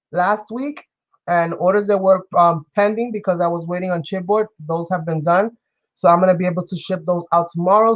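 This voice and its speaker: A woman's voice: lowish voice, lo-fi sound. Effusive New woman hosting a craft stream. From New York. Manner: effusive, greets and thanks viewers by name. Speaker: craft live-stream host. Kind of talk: casual live-stream chat while crafting.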